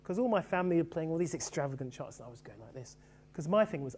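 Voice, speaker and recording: A middle-aged man raised in England talks quickly and warmly animated about the players he loved. His speech runs along at a brisk clip with fond asides. A faint hum sits underneath the recording. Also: on the high side. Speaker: author reflecting on cricket. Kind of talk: casual reminiscing talk.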